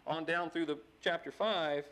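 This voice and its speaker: Male preacher, emphatic sermon delivery, slow scripture reading, fairly high pitch. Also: steady tone, fairly bright tone, poor audio. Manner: emphatic, slows down and rises when reading scripture.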